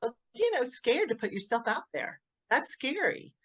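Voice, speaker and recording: A middle-aged woman, a grieving mother, giving an emotional personal account in an interview, often halting and repeating words as she restarts. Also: sits high, big pitch swings, a bit bright, no room sound.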